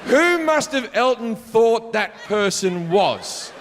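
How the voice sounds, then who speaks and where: A man doing profane, animated stand-up storytelling, shouting his punchlines on a large theater stage. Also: extremely high pitch, takes it slowly, a little hiss or hum. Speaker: stand-up comedian. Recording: live hall reverb, faint crowd ambience.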